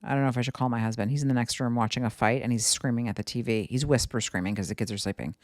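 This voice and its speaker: A woman's voice: a bass voice, steady tone, very fast, darkish tone, dry recording, studio quality. A woman in her thirties hosting a podcast, chatting at home in a rambling, casual storytelling way full of asides. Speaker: podcast host.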